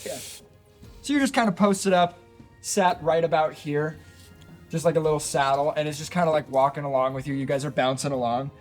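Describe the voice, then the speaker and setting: A man's voice: fairly high pitch, brisk, faint music behind. Chatty male dungeon master. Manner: casual, rambling, many fillers. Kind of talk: narrating a tabletop game.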